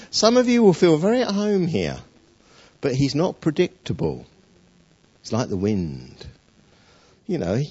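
A man preaching a sermon, his pitch rising and falling in lively swings. He tells stories with playful jokes and drawn-out pauses, his voice husky. The recording sounds dull and lo-fi. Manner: warm storytelling, playful jokes, dramatic pauses.

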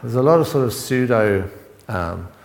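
A middle-aged man preaching an informal sermon, halting and full of restarts and asides as he talks with the congregation. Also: mid-range voice, lively intonation, creaky. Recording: long reverb in a hall.

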